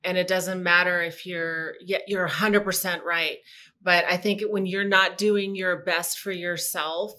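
A woman guest speaking in a relaxed interview, earnest and reflective about pushing herself. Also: fairly low pitch, measured pace. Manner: earnest, reflective, talks about self-discipline. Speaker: podcast guest. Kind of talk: casual conversation.

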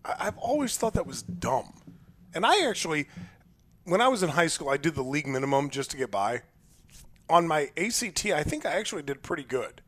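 A man's voice: a little high, big pitch swings, fairly quick, a bit bright. A middle-aged man co-hosting a radio talk show, chatty and opinionated, often stumbling over and repeating words. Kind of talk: casual morning radio banter.

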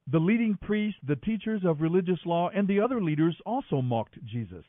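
Expressive male Bible reader, high voice. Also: moderate pace, hardly any pauses, dry recording. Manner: expressive, dramatic reading. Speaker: scripture reader. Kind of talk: daily Bible reading. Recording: thin phone-like sound, dry.

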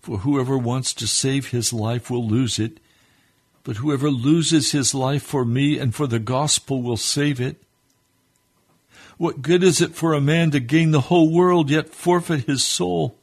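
Gravelly, fervent man praying on radio. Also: mid-range voice, measured pace. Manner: fervent, pleading prayer that swells and drops. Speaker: radio preacher. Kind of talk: sermon prayer.

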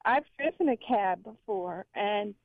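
A woman's voice: mid-range voice, expressive, measured pace, creaky, dry recording. A woman calling in to a radio show from Florida, a little out of breath, earnest and hesitant. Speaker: caller. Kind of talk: call-in radio chat. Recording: tinny phone line.

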